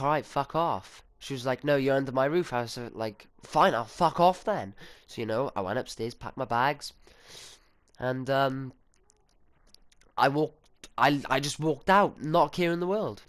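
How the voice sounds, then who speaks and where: A man's voice: medium pitch, normal speed, clear, resonant tone. A teenage boy, telling a story in a casual, rambling way, swearing and acting out what others said. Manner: sweary, chatty, full of fillers and quoted dialogue. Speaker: storytime vlogger.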